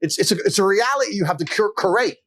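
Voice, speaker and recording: A man with a slightly high voice talks as an interview guest. His delivery is blunt and emphatic, full of swearing, as he tells stories casually. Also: expressive, fast, fairly bright tone, rough recording.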